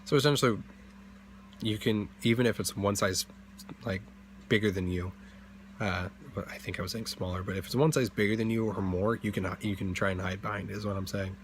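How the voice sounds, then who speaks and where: A man's voice: on the low side, steady tone, brisk, slight background noise. A young man hosting a tabletop game channel, chatting casually in a rambling way, full of fillers and self-corrections. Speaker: D&D channel host.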